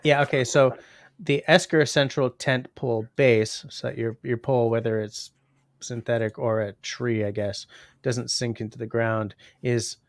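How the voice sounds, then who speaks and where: A man of fifty hosting a casual livestream, rambling along and reading viewer comments out loud. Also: mid-range voice, fairly even intonation, a little slow, no room sound, clean studio sound. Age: 50s. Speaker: livestream host.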